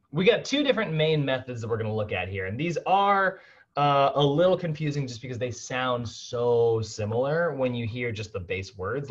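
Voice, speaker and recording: A man teaching a fitness course in a casual recorded lecture, chatty and animated, laughing often and acting out the people he describes. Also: medium pitch. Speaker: fitness instructor. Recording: slightly dull lo-fi sound.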